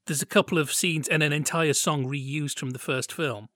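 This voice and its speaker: Chatty man, higher voice. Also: steady tone, moderate pace, bright, forceful tone, no echo, studio quality. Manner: chatty, jokey, acts out quotes. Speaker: podcast co-host. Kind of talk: casual chat reviewing old TV.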